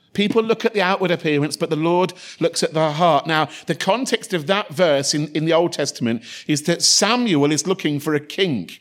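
Male preacher, slightly high voice, informal sermon with asides. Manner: informal, joking asides and repeated phrases.

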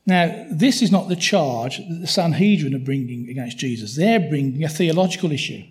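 Chatty preacher, fairly high voice. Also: male voice, lively intonation, normal speed. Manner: conversational, frequent tag questions. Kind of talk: sermon.

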